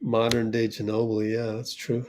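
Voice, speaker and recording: A man hosting a fan watch party stream, giving casual play-by-play, reacting loudly to plays and reading the chat aloud. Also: mid-range voice, level tone, moderate pace, slight background noise.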